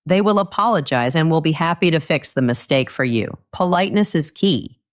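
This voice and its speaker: A woman narrating a scripted English lesson, speaking clearly and patiently and acting out short dialogue lines. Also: sits low, expressive, fairly quick. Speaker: English teacher.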